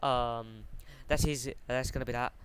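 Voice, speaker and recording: A young man rambles through a fan fiction plot at a slow pace, stopping often to correct himself. His pitch sits at an ordinary middle level. A room fan hums clearly behind him throughout. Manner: hesitant, full of ums and self-corrections. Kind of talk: casual unscripted plot explanation. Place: warm room at home. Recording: steady fan noise at home.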